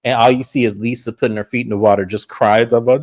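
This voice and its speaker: A man hosting a casual reality TV recap, animated and blunt, swearing freely and acting out quotes. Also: rapid-fire, few pauses, no echo, studio quality. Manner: animated, acts out quotes in a high put-on voice.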